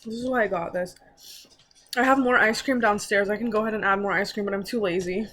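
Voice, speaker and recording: A young woman, a mukbang vlogger, chats casually at home while eating on camera, rambling and poking fun at herself. Her voice is medium-pitched, steady, quick, and slightly bright.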